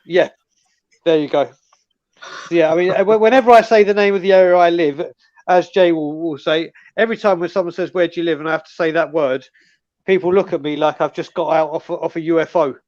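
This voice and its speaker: A man with a London accent spins a lively, laughing story on a casual fan call-in show. His voice sits high for a man. The sound is dry and a little dull, like a web call. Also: fairly quick, no room sound. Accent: London English. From North London, England. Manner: lively, laughing anecdote teller.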